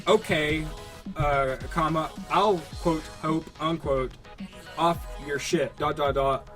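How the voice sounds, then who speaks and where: A man's voice: on the high side, slow pace, fairly bright tone, soft background music. A young man co-hosting a podcast in casual chat, reading out online comments in a mocking way, with many fillers. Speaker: podcast co-host.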